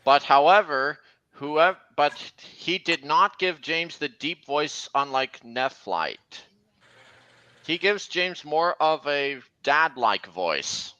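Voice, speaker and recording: Bright, slow-talking man hosting a stream. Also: on the high side, lively intonation, clear, resonant tone, dry recording, lo-fi sound. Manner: chatty, points out details to viewers. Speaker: stream host. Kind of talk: casual commentary over video clips.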